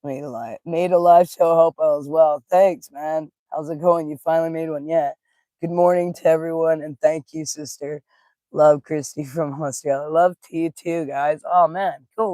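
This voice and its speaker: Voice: medium pitch, fairly even intonation, normal speed, warm tone, no room sound, studio quality. A spiritual teacher giving a casual live-streamed talk, telling stories with folksy slang and greeting viewers in the chat. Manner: laughs easily, folksy slang.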